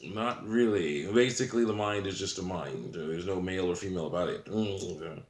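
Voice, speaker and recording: A man's voice: deep voice, normal speed. A man talking casually to camera in a rambling way, chuckling often between sentences. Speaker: channel host. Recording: roomy echo.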